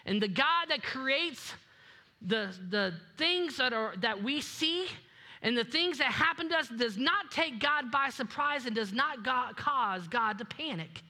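Animated pastor with a high, bright voice, preaching and acting out quotes. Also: measured pace. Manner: animated, acts out quoted voices, drops to low quiet emphasis. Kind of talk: sermon. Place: church sanctuary.

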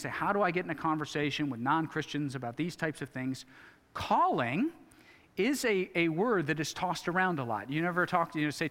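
Pastor, male, slightly high voice, conversational sermon full of rhetorical questions, church hall reverb. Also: fairly bright tone. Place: church sanctuary.

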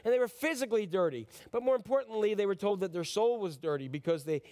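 Male pastor, high voice, chatty and joking Christmas sermon, keeps asking the congregation questions. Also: lively intonation, quick pace, dark tone. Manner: conversational and joking, asks the audience questions.

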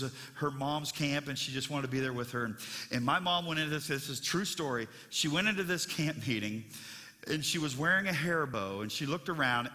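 Male pastor, sermon, bright forceful voice, somewhat high, long hall reverb. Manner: conversational, storytelling, with many restarts. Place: church.

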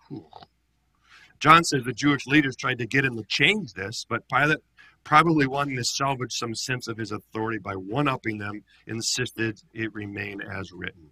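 A gravelly man teaches scripture to a group in an animated, conversational way, often asking rhetorical questions. His voice is bright and husky, recorded dry and close. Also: mid-range voice, normal speed, dry recording. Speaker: pastor leading a Bible study.

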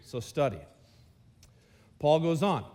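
Man, pastor, high-pitched, casual preaching style with lots of direct asides to the congregation. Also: lively intonation, slow, mellow. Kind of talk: sermon. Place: church service.

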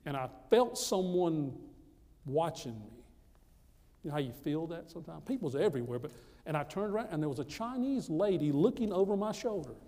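A man from the United States, pitched a little high for a man, preaching a personal testimony with emphatic, repetitive storytelling. His voice rings out in a hall with a long, lingering reverb. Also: sing-song, brisk, dark tone. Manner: emphatic, repeats phrases for effect. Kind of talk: storytelling sermon.

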